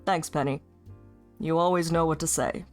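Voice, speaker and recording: A streamer, a man, voicing a bitter male mad scientist in a game in a put-on American accent, slow and sulky. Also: on the high side, steady tone, faint music behind, pitched below the performer's own voice, lightly acted. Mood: brooding. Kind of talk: reading game dialogue aloud.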